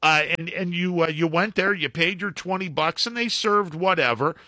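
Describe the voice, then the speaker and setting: A middle-aged former baseball broadcaster telling anecdotes as a guest, with halting restarts and acted-out quotes. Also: male voice, high voice, dry recording, studio quality. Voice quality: halting, many restarts and fillers. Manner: acts out quotes in animated anecdotes. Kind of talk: casual phone-in storytelling.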